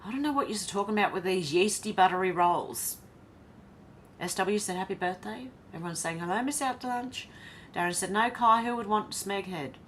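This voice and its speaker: A woman's voice: medium pitch, a little fast, slight background noise. An Australian woman hosting a casual livestream, reading viewer comments aloud and chatting back between them. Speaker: livestream host.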